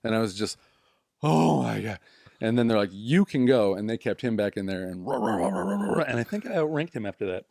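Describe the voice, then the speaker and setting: A man's voice: lowish voice, expressive, brisk, hardly any pauses, darkish tone, no echo, studio quality. A man casually telling a long story on a podcast, swearing freely and acting out what others said. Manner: profane, acts out quoted people.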